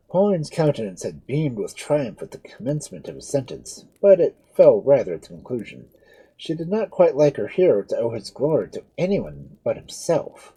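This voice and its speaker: This man reads a novel aloud with dramatic, expressive narration. His dark, mellow voice is very husky and breathy. His pitch swings widely. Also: normal speed, poor audio. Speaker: storyteller.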